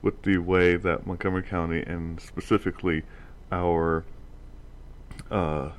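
A man's voice: low-pitched, level tone, a little slow. Laughing, stumbling male storyteller. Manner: stumbling restarts, frequent laughter. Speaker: podcast host. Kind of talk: casual storytelling.

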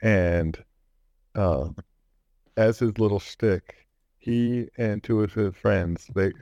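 A man's voice: on the low side, slow, mellow, no echo. A man co-hosting a podcast, telling stories in a rambling way and laughing as he goes. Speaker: podcast co-host. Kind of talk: casual chat.

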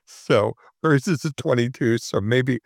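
A man's voice: mid-range voice, measured pace, vocal fry, dry recording. Dry-humored man in his sixties. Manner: dry, self-mocking storyteller. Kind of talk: casual chat.

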